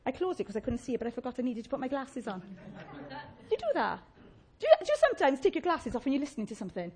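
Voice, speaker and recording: A woman preaching a sermon, chatty and warm-humoured, often asking the congregation questions and laughing. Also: high-pitched, very animated, very fast.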